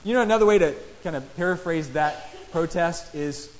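A man's voice: fairly high pitch, normal speed. A man preaching a sermon and reading scripture, talking in a conversational way and putting questions to his listeners. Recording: long reverb in a large hall.

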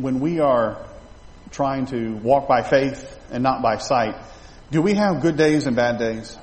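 A man's voice: mid-range voice, slight background noise. A male pastor preaching an expository sermon in a conversational way, with restarts and asides to the congregation, in a church sanctuary. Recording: echoey hall, faint ambience.

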